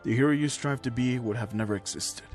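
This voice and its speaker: A man's voice: medium pitch, fairly quick, faint music behind, close to an everyday voice. A man voicing a caring adult male hero and mentor who speaks firmly. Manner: firm, warm-hearted.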